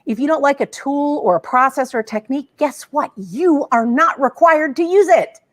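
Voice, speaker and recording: Woman co-host, fairly high voice, blunt and heated venting. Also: expressive, normal speed. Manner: frank, fired-up ranting, drawling. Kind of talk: casual chat.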